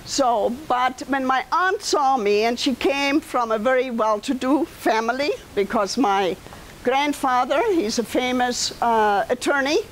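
A woman's voice: sits high, a little slow, slight background noise, poor audio. A woman in her seventies with a German accent, telling her life story to an audience in a conversational way, turning to listeners with asides. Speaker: guest speaker and author.

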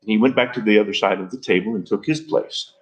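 A man reading a novel aloud in an expressive storytelling manner. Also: on the low side, fast, slightly rough. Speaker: reader. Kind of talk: literary reading.

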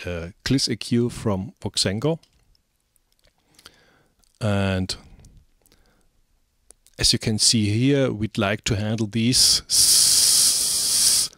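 A man with a fairly low voice talks slowly through a screen-recorded music software tutorial, halting often and filling gaps with ums and uhs. The recording is dry and close, with no room sound at all.

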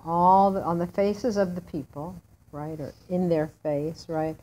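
A woman's voice: lowish voice, a little slow, dark tone, poor audio. A woman teaching a Hebrew Bible class, explaining word by word and asking her students questions.

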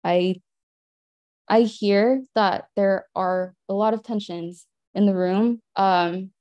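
A young woman, a student council member, giving earnest, measured remarks at a meeting with frequent pauses. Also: mid-range voice, fairly even intonation, darkish tone, dry recording, dull audio. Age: young adult.

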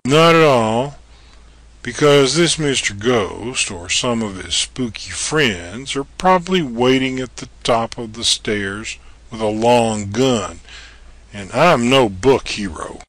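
An actor playing a bold, level-headed man exploring an old castle, giving brisk commands. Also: mid-range voice, expressive, fairly bright tone, dry recording. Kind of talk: audio drama acting.

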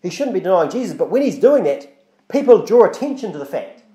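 A man's voice: high-pitched, sing-song, fast, warm tone, roomy sound. A male pastor, preaching a sermon in a conversational way, with frequent restarts and acted-out quotes. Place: church.

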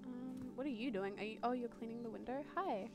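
A young woman giving live gameplay commentary as a streamer, excitable, swearing freely and exclaiming at what she sees. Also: a little high, a little fast. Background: game music.

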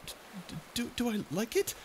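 A woman's voice: a little high, big pitch swings, fairly quick, a little mellow, slight background noise. A woman voicing a prickly young sea creature who stammers and hides her fear behind insults, in a listener-perspective audio drama. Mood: flustered. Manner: stuttering, flustered tsundere bluster.

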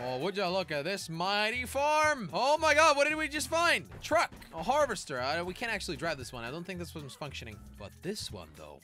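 A young man hosting a gaming channel, narrating his play in an excitable, jokey way with frequent laughs and sudden shouts. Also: sits high, brisk, hardly any pauses, soft background music. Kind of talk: game commentary.

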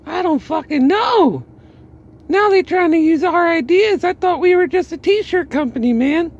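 Confused grumbling promoter guy, dude doing a high mocking voice, muffled audio. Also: animated, a little slow, exaggerated voice. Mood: baffled. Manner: exaggerated mocking tone. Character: baffled, annoyed male wrestling promoter.

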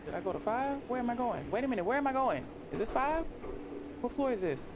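A horror game streamer giving let's play commentary, talking to themself and jumping into sudden high-pitched yelps. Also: sing-song, fast, background noise. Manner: talks to themself, reads game text aloud.

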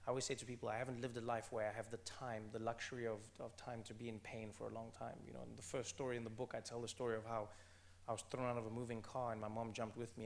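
A man in his thirties from South Africa, a guest in an interview, telling personal stories with animated energy and frequent restarts. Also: mid-range voice, gravelly. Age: 30s. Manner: animated, repeats words when restarting, laughs while telling stories. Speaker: author and comedian guest. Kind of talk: conversational interview storytelling.

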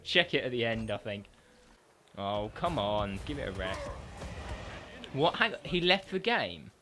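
A man giving excitable, sweary commentary on his own gameplay, trash-talking as he plays. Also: lowish voice, a little slow, noisy background. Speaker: gaming YouTuber.

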